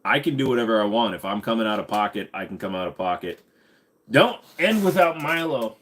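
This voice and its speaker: A man hosting a casual livestream, talking bluntly and crudely, his voice tiring and going hoarse. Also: on the low side, lively intonation, fairly quick, fairly bright tone. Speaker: livestream host.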